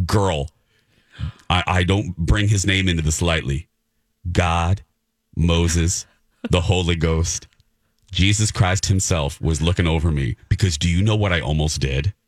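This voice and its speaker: A man's voice: low-pitched, measured pace, no echo, clean studio sound. A middle-aged male host telling a story in a casual, theatrical way and acting out the quotes. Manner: animated, theatrical, acts out quotes. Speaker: radio show host.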